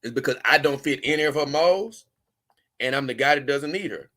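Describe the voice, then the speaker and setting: Bright-voiced man rambling on a livestream. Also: mid-range voice, brisk. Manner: loose, rambling, chuckling asides. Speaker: livestream host. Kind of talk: casual livestream chat reading viewer comments.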